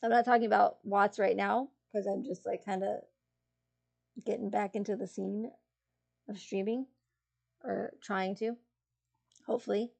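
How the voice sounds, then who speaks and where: A woman's voice: medium pitch, steady tone, measured pace, gravelly, long pauses, darkish tone. A woman streamer chatting casually with her viewers, rambling and giggling, full of fillers and restarts. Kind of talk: casual chat with live chat.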